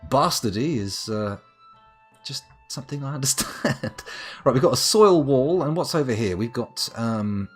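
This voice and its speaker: A man's voice: mid-range voice, expressive, unhurried, slightly rough, faint music behind. A man streaming a game live, rambling and joking at his own expense. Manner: rambling, self-mocking, jokey. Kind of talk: live gameplay commentary.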